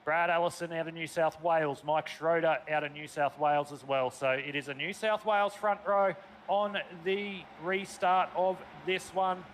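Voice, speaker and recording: A man's voice: a little high, steady tone, moderate pace, a bit bright, a little hiss or hum. An Australian man commentating a sim race, chatty and calling people mate. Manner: chatty, calls drivers mate, speeds up in race calls.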